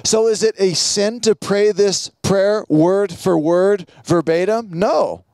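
A man preaching a sermon as pastor, teaching earnestly with quoted prayers and pauses. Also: high voice, darkish tone, dry recording.

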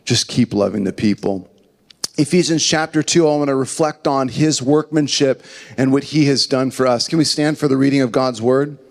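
A man's voice: mid-range voice, steady tone, brisk, long reverb tail. A man preaching a sermon as the pastor of his church, earnest and conversational, telling a joke along the way. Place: church building.

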